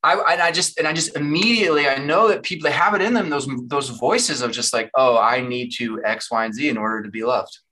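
A man with a bright, forward voice speaks as a podcast guest. He talks with earnest, animated conviction in a relaxed, candid conversation. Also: mid-range voice, brisk, hardly any pauses. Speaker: guest musician.

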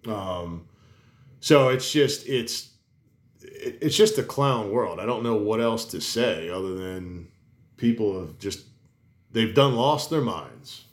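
A man's voice: on the low side, lively intonation, takes it slowly. A man chatting casually on a podcast, rambling and emphatic, swearing, with many restarts. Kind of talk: casual chat. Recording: roomy echo.

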